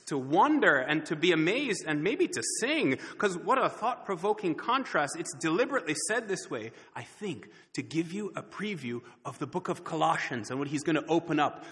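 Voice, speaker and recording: A man preaches to his congregation with a bright, somewhat high voice, leaning on words and slowing down for emphasis. The sound carries a long reverb from a large church hall. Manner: earnest preaching with dramatic pauses and emphasis. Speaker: pastor. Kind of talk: sermon.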